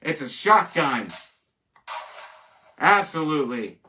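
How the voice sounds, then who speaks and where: Jokey man host, bright voice, distant mic. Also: a little high, very animated, slow. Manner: jokey and rambling, laughs at his own jokes. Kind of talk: casual solo wrestling commentary.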